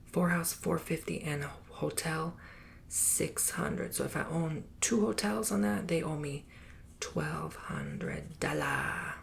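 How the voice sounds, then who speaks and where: A man whispers his way through a sassy ASMR tutorial, teasing and playful with the listener. His voice is gravelly and close. A steady hiss and small clicks sit under the recording. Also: a little high, takes it slowly. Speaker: ASMR creator.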